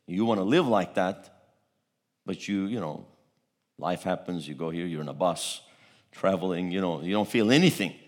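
A middle-aged man from Turkey preaching a sermon, telling a story with animated energy and acting out the people in it. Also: low voice, moderate pace. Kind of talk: testimony sermon.

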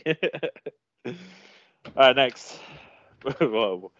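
A man's voice: medium pitch, animated, very slow, a bit bright. A man from England co-hosting a casual podcast, reading list items aloud and laughing often. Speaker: podcast co-host. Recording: dull lo-fi sound.

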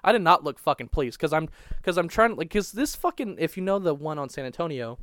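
A man's voice: a little high, big pitch swings, a little fast, fairly bright tone, no room sound. A young man telling a crude, rambling story on a casual podcast, swearing constantly and restarting his sentences. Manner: profane, rambling, restarts a lot.

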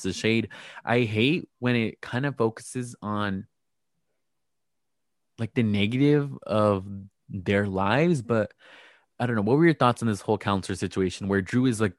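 Sarcastic low-voiced man recapping gossip. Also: no echo. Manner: gossipy, sarcastic, acts out quotes. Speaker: podcast co-host recapping reality TV. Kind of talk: casual chat.

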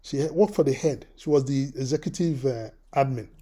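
A man preaching a sermon, telling a personal story in an animated way, often repeating his words. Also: medium pitch, brisk. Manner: animated, repeats words, acts out quoted voices.

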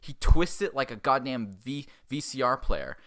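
A man hosting a podcast, giving a crude, sarcastic comic recap of a film and acting out the characters in quick asides. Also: mid-range voice, expressive, a bit bright. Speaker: podcast host.

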